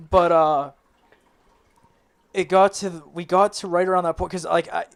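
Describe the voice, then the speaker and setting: Guy rambling thru a funny story, keeps laughing, swears, voice a bit high. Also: fairly even intonation, normal speed, vocal fry. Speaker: band member. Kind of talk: casual anecdote.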